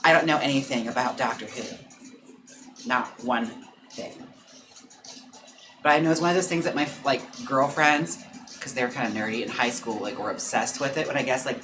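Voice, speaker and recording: Over background music and other background noise, a young drag performer in his twenties-ish adulthood reads comments on his live stream. His mid-range voice is chatty and gossipy, peppered with "like" and "girl," and he laughs quickly and often.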